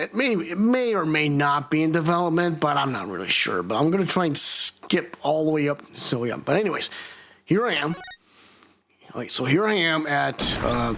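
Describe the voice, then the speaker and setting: A man's voice: a little high, vocal fry, a bit bright. A man chatting casually on a live stream, rambling with lots of fillers.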